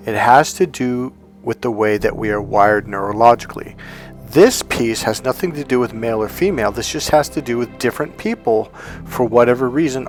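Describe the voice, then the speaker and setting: Dating coach guy telling a story, mid-pitched voice, rambly and chatty, faint music behind. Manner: conversational, rambling, with many fillers and restarts. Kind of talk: personal storytelling monologue.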